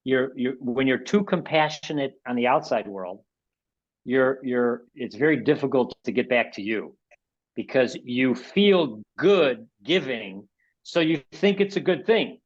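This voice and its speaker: A man's voice: medium pitch, expressive, measured pace, highs cut off. A man in his sixties from the United States presents a webinar in casual, rambling talk, often repeating and restarting words. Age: 60s.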